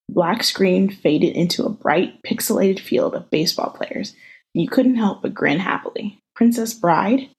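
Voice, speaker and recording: Husky woman reading a story. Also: lowish voice, darkish tone, poor audio. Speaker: podcast co-host. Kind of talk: reading a fan story aloud, then casual chat. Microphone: video call.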